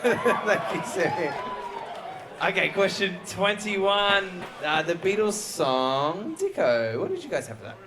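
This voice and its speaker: A man hosting a live music trivia show, reading questions briskly and joking with the guests. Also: high-pitched, sing-song, noisy background. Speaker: quiz show host. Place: live venue before an audience. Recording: live show with crowd audible. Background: audience crowd.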